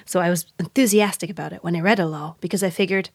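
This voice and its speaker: A woman's voice: lowish voice, steady tone, quick pace, dry recording. Woman podcast host explaining, dry sound. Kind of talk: casual storytelling chat.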